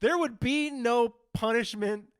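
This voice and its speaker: A man co-hosting a podcast, ranting in casual comic chat with heavy profanity, jumping from loud outbursts to low mutters. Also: unhurried, clear, resonant tone, no echo, studio quality. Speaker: podcast co-host.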